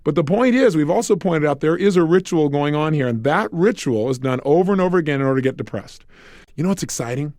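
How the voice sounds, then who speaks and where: A man giving a recorded self-help lecture, energetic and acting out little dialogues. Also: on the high side, fast talker, no room sound, clean studio sound. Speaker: motivational speaker.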